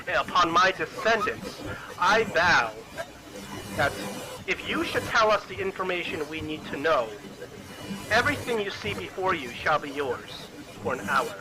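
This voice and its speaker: A man's voice: high-pitched, animated, a little slow, noisy background. A man voicing a bold, scheming female harper agent in a tabletop game, speaking in solemn, formal oaths.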